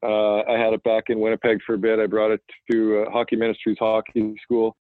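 A man in his thirties talks in a relaxed, rambling way, full of "uh" and "you know." His voice sits low and level, with little rise or fall. It comes through a thin, tinny phone line with a dry sound. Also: brisk, no echo. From Manitoba, Canada. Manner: relaxed, rambling, frequent fillers and restarts. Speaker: guest, professional hockey player. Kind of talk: casual phone interview.

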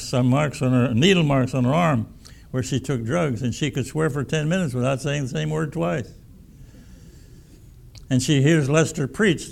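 Gravelly-voiced man preaching a folksy sermon. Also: mid-range voice. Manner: folksy, emphatic preaching with repeated words. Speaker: pastor.

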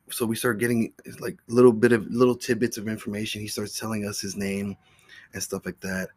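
Rambling, profane man, lowish voice. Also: breathy edge, no room sound. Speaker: podcast host. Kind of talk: casual solo storytelling.

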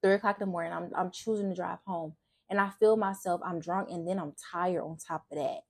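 A woman's voice: on the low side, fairly even intonation, a little fast, darkish tone, husky. A young woman giving a candid, emotional personal faith testimony in a casual, earnest way, often restarting her sentences. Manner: casual speech with frequent restarts. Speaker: faith vlogger.

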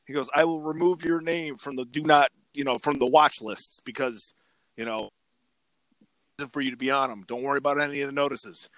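A man's voice: mid-range voice, fairly quick, no echo. A young adult man casually telling a story on a podcast, acting out the other people's lines. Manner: animated, acts out quotes. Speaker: podcast co-host.

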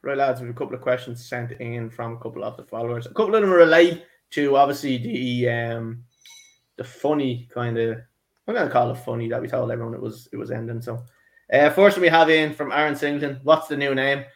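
A man's voice: mid-range voice, fairly quick. Laddish man hosting a football podcast. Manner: laddish, jokey, addresses co-hosts as lads. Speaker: podcast host. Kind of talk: casual football podcast chat.

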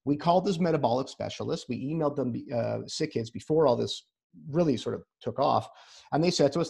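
A man with a somewhat high voice that is gravelly and husky, talking as a therapist guest on a video call. He gives advice in a casual, conversational way, often repeating words as he starts a sentence and setting his points out step by step. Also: lively intonation, a little fast, a little mellow. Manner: explains in numbered practical steps.

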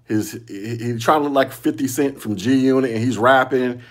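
A man's voice: mid-range voice, moderate pace. A man hosting a solo podcast, giving casual commentary in loose slangy talk, repeating himself and chuckling often. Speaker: podcast host.

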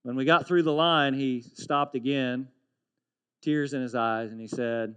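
A man preaching from the pulpit, warming his congregation with a story before pressing his point. His voice sits in a middle register, earnest and lively in its storytelling. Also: medium pitch, a little slow, clean tone. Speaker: pastor. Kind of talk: sermon.

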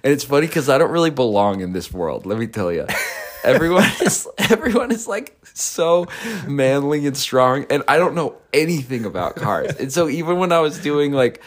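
A man's voice: mid-range voice, sing-song, moderate pace. A young man co-hosting a podcast, telling a story in a casual, laid-back way and laughing often. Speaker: podcast co-host.

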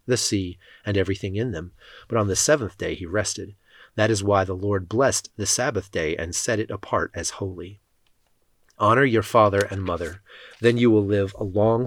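A man reading Bible passages aloud in a measured, solemn way. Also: on the low side, dry recording, studio quality. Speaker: scripture reader.

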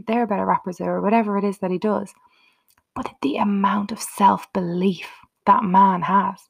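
Hosting her own motivational podcast, a woman talks straight to her listeners, unscripted and earnest. Her voice is medium-pitched and husky, with vocal fry.

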